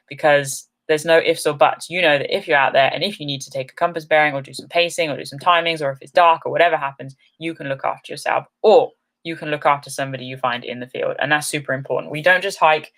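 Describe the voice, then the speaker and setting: A woman's voice: low voice, quick pace, fairly bright tone. A woman hosting an outdoor channel's live stream, chatting upbeat and rambling with many ums while reading comments, a little tired.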